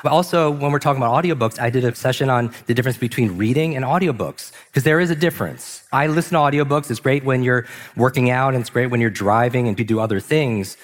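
Guy doing an upbeat stage talk, quizzes the crowd, drags words out for effect, big reverby hall. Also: mid-range voice. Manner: energetic, asks the audience questions, slows words for emphasis. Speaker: speaker. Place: large stage before a live audience.

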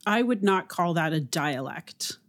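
A woman who teaches linguistics, a podcast guest, explaining in a measured way. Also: fairly low pitch, expressive. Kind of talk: podcast interview.

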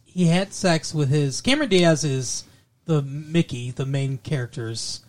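A man's voice: fairly high pitch, expressive, a little slow. A man co-hosting a podcast, chatting casually, joking and rambling with frequent laughs. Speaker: podcast co-host. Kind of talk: casual chat.

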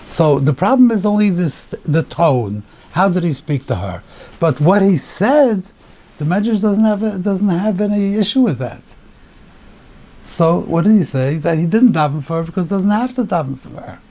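In a dark-toned, high-pitched male voice, a rabbi gives an animated Torah class at a moderate pace. He explains the weekly portion step by step, asks rhetorical questions, and works in Hebrew terms.

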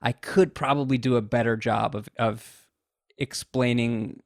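A man hosting a casual discussion, talking in a thoughtful, measured way with frequent restarts. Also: medium pitch, fairly even intonation, vocal fry, dry recording, studio quality.

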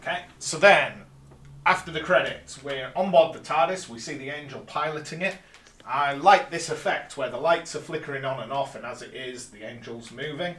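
A man's voice: medium pitch, moderate pace, a bit bright. A man recapping an episode plot step by step on a casual podcast, with dry little asides. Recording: roomy, distant mic.

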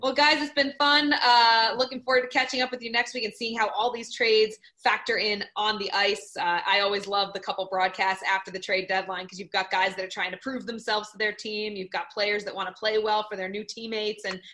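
A woman with a crisp, bright voice hosts the show. She chats and signs off in an upbeat way at mid pitch. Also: flat delivery, fairly quick, few pauses. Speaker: podcast host. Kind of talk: casual chat and sign-off.

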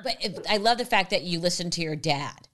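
A woman's voice: on the low side, expressive, fairly quick, a loud crowd. A woman hosting a casual interview, gushing and enthusiastic with her guest. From New York. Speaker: interview host.

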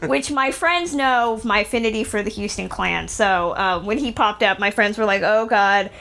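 A woman's voice: medium pitch, normal speed, creaky, bright, forceful tone. A woman co-hosting a casual film review chat, talking with chatty, hesitant restarts. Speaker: film podcast co-host.

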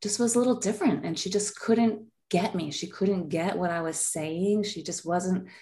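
A woman's voice: lowish voice, normal speed, warm tone. A woman in her forties, a podcast guest, telling a heartfelt personal story in a rambling way with many fillers.

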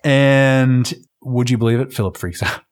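A man at an ordinary middle pitch talks through a movie's plot on a casual podcast. He jokes, swears freely and laughs often while he recaps. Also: a little slow, clean tone. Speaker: podcast co-host. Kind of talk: casual film discussion podcast.

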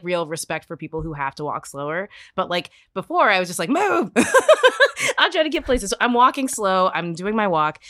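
A woman with a bright, forceful voice chatting casually and telling animated stories. She laughs a lot and acts out the lines of the people in her stories. The sound is close and dry. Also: lowish voice, no room sound. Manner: animated storyteller, laughs often, acts out quotes. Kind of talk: casual chat.

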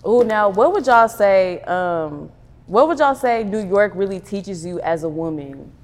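A young woman hosting a casual interview, asking lively, slangy questions. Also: mid-range voice, measured pace, in a large hall. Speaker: interview host.

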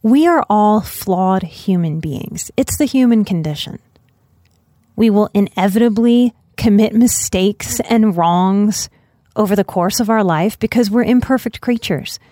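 A woman's voice: mid-range voice, measured pace, warm tone, dry recording, studio quality. A woman hosting her podcast as a life coach and psychotherapist, speaking in an earnest, reflective monologue.

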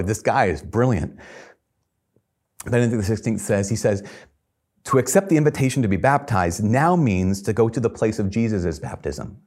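Male preacher, husky voice, mid pitch, conversational sermon, earnest, light chuckles. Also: a little mellow.

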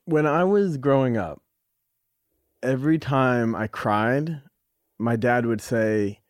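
A middle-aged man speaking as a podcast guest, reflective and unguarded, often stopping to rephrase himself. His voice sits at an ordinary male pitch. The sound is close and dry, with no room around it. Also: clear, resonant tone, dry recording. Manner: reflective, halting, with frequent restarts and casual swearing. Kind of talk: candid conversational storytelling.

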